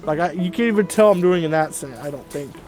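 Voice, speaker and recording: A man's voice: fairly high pitch, animated, fast talker, over music. A man giving casual let's play commentary, rambling and laid-back, with frequent fillers and swearing. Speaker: gaming video host.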